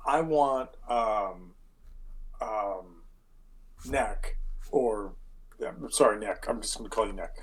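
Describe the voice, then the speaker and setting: A man's voice: fairly low pitch, slow, long pauses, slightly rough. A man running a tabletop game as game master, casual and profane, acting out scenes with sound effects.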